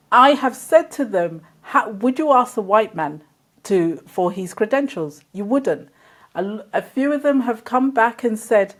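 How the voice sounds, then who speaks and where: A British woman from the UK, a guest who owns a business, telling anecdotes in an animated way and acting out the voices of the people in them. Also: medium pitch, moderate pace. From United Kingdom. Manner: animated storyteller, acts out the voices in her anecdotes. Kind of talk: interview storytelling.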